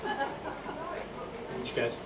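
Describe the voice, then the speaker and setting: A man's voice: very high-pitched, huge pitch swings, drawn-out words, gravelly, a crowd in the background. A man with a New Zealand accent telling rambling, self-deprecating stand-up stories on a club stage, with laughter behind him. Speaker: stand-up comedian. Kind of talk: stand-up comedy. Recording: echoey club from a distance, noisy. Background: audience laughter.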